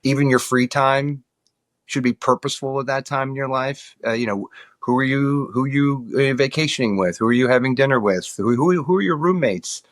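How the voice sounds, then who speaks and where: A man's voice: medium pitch, brisk, dry recording. A middle-aged man from New York, a guest in an interview, talking earnestly and often repeating words while he thinks. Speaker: guest, political consultant. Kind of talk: conversational interview.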